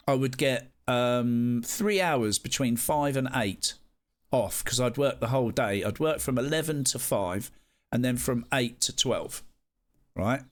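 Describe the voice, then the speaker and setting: A young man telling a vivid, animated personal story in a casual way, with some swearing. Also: medium pitch. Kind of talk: casual anecdote.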